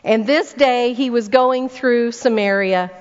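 Woman, sermon, somewhat high voice, storytelling, rhetorical questions, long hall reverb, dull lo-fi sound. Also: takes it slowly, clean tone. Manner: animated, repeats words for emphasis. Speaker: speaker at a church weekend event. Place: church hall before a congregation.

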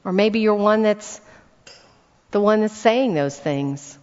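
A woman's voice: mid-range voice, animated, slow pace, darkish tone. A woman preaching a sermon to a congregation, telling stories, asking the room rhetorical questions and repeating words for emphasis. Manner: storytelling with rhetorical questions to the audience. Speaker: speaker at a church weekend event. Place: church hall before a congregation. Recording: dull recording in a reverberant hall.

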